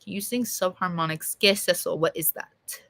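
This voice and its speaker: A young woman streaming and chatting with viewers in a loose, rambling way, full of swearing and fillers, her voice a bit hoarse from being sick. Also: on the low side, fairly even intonation, a little fast, a bit bright. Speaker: streamer answering chat. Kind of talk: casual rambling chat.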